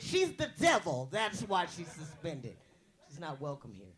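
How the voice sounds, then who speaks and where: A young woman from the US West Coast doing a brash, bawdy stand-up comedy routine with a big voice and loud punchlines. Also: on the low side, sing-song, moderate pace, husky.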